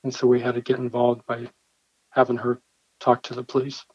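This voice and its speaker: A man's voice: mid-range voice, monotone, a little fast, darkish tone, husky, no echo. Earnest man telling a church story. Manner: earnest, vivid storyteller who acts out his own quoted dialogue. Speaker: church pastor. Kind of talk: personal storytelling in an interview. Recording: dull, slightly lo-fi dry recording.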